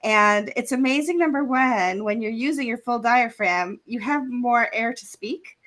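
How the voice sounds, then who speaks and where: A woman's voice: a little high, a little slow, fairly bright tone. A woman hosting a live online event, chatting casually and thanking sponsors, speaking from a remote video call. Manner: chatty, laughs often, sponsor thank-yous. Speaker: event host. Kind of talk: casual live-stream chat.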